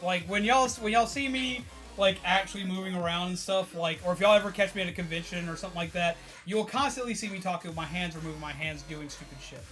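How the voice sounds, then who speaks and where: A high, bright male voice chatting away to his stream audience. He is excitable and a bit tired, swears freely and breaks into laughs as he rambles. Faint music hums behind him. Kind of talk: casual chat to viewers.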